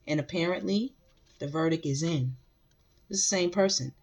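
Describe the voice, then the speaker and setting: A woman's voice: deep voice, normal speed. A woman giving a casual spiritual tarot reading, speaking emphatically to her viewers and often repeating phrases. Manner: emphatic, repeats phrases, addresses the collective directly. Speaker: tarot reader.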